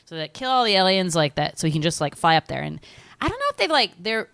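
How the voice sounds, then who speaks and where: A woman's voice: medium pitch, lively intonation, fast talker, a bit bright, clear, resonant tone. A woman co-hosting a podcast, chatting casually as she recaps a film and acts out the scenes with silly voices and sound effects. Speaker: podcast co-host.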